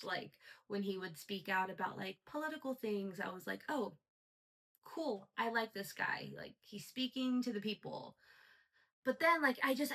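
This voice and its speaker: A woman's voice: mid-range voice, sharp tone, low-quality recording. A woman hosting a solo podcast, talking in a chatty, gossipy way with lots of "like.". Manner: chatty, gossipy, heavy use of "like". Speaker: podcast host. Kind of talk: casual solo podcast chat.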